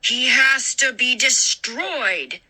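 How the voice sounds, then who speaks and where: A woman voicing a wild-eyed man scientist who shouts and pleads while holding an axe. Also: high voice, lively intonation, voice pushed up, full character voice. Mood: threatening. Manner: slow, pleading, then shouting.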